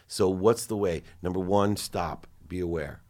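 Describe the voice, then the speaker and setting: A man's voice: low voice, a little slow, mellow. A middle-aged man who is a guest on a podcast, telling personal stories in an earnest, confessional way and acting out his own quotes. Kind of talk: casual interview chat.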